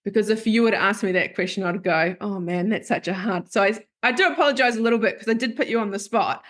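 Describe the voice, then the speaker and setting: A woman's voice: a little high, quick pace, fairly bright tone. Woman podcast host, therapist, chatting real open about her own stuff, acts out what people said. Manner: open, confessional storytelling that acts out remembered quotes. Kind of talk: candid podcast conversation.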